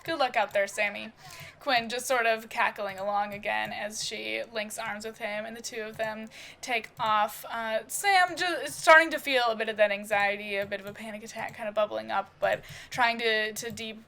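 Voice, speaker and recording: A woman's voice: fairly high pitch, fairly even intonation, normal speed, gravelly, pushed and bright. A woman narrating a soap-opera story in a loose, rambling way full of "uh" and "kind of". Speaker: storyteller and game player. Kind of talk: casual improvised story narration.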